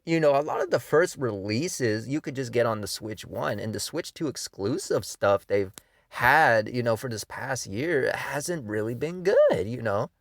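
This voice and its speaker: A male video game commentator rants angrily and profanely about video games, peppering his speech with exasperated "you know" and "man". His medium-pitched voice has lively intonation and a measured pace, in a dry, studio-quality recording.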